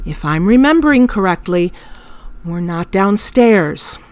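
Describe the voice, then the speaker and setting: A woman's voice: fairly low pitch, a little slow, no echo. A woman in her thirties hosting a podcast, telling a story about her son in a wry, self-mocking way. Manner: wry, self-mocking, animated when exasperated. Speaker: podcast host. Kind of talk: storytelling monologue.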